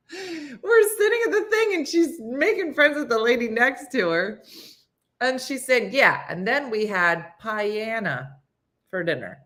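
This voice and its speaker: A middle-aged woman hosting a morning show, telling a comic story in a casual, animated way and acting out her friends' lines. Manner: animated, acts out friends' lines in higher voices, laughs a lot.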